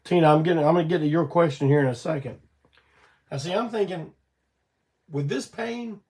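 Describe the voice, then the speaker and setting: A man's voice: a little high, brisk, pauses often, warm tone, distant mic. An older man, his voice weak from illness, telling a rambling, folksy story as host of a live show. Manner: rambling, folksy, swears casually. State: weak voice from illness and cough syrup. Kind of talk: casual storytelling on a livestream.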